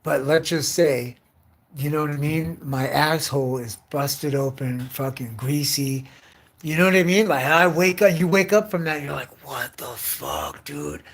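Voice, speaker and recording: A man's voice: fairly high pitch, steady tone, normal speed. A young man livestreaming from home, rambling on in a loose, profane rant full of fillers.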